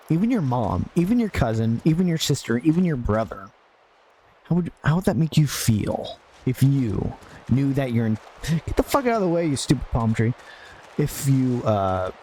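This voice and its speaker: A man's voice: medium pitch, warm tone, slight background noise. A man hosting a gaming podcast, giving rambling casual commentary over gameplay with absurd jokes, frequent laughter and muttered asides at the game.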